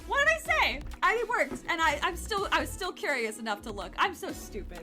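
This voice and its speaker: High, lively young woman streaming a game. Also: a little fast. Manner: excitable, swearing, self-mocking, talks to her cat. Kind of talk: casual gaming stream chat. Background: faint background music.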